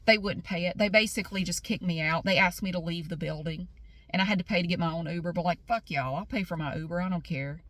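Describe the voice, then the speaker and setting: A woman's voice: on the low side, quick pace, fairly bright tone, no echo. A woman telling a personal story on her vlog, blunt and indignant, repeating herself for emphasis. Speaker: vlogger.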